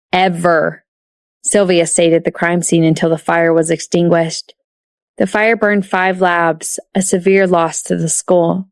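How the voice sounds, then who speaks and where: A woman narrating a romance audiobook in a steady, even reading voice. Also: fairly low pitch, clear, resonant tone, no room sound, clean studio sound. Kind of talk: scripted narration.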